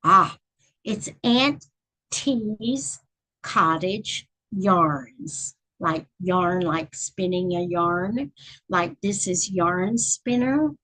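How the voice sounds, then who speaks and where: A middle-aged woman from Texas hosts a relaxed live stream, chatting with whoever drops by. She talks at an unhurried pace with a slightly husky voice. Now and then she counts stitches aloud as she crochets. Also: fairly low pitch, low-quality recording. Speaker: channel host reading books. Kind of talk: casual live-stream chat.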